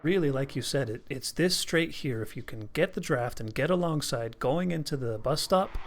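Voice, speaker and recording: Gravelly, animated man on race commentary. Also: mid-range voice, normal speed. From North America. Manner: animated, joking, easy laughs. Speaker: lead commentator. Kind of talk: sim racing play-by-play commentary.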